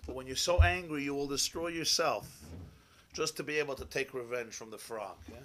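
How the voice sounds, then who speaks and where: A man's voice: mid-range voice, brisk, fairly bright tone, a little hiss or hum. A rabbi giving a Chassidic Torah class, telling stories with animation and mixing in Hebrew and Yiddish terms, often checking in with his listeners. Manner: checks in with listeners, asking "yeah?".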